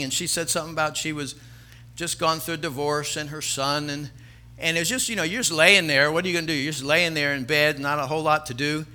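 A man's voice: a little high, pushed and bright. A middle-aged man preaching a sermon as a pastor, telling a story earnestly and building to emphatic exhortation.

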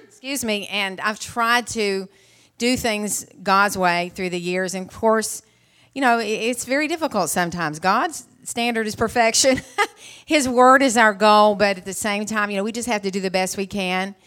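A middle-aged woman preaches from the pulpit and retells a Bible story in a casual, conversational sermon. Her voice sits at an ordinary middle pitch. She stumbles and restarts often and stops now and then to clear her throat. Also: moderate pace, a bit bright. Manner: casual and chatty, with frequent restarts.

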